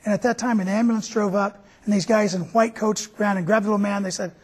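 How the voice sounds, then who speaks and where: A man's voice: high voice, fairly even intonation, fast talker, few pauses, breathy edge. A man hosting a TV show, telling a story in a folksy, conversational way. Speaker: TV show host.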